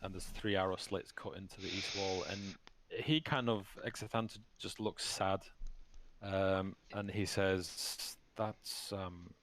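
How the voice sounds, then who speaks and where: A man who narrates a tabletop game as game master on a live stream, in a halting way with many fillers. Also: sits low, fairly even intonation, fairly bright tone, slight background noise.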